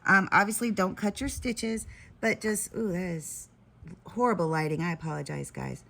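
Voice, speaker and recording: A woman's voice: lowish voice, normal speed, gravelly, bright, forceful tone. Chatty giggly woman teaching sewing. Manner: chatty and giggly, self-deprecating asides. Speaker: sewing tutorial host on a live stream. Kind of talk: casual live sewing demonstration.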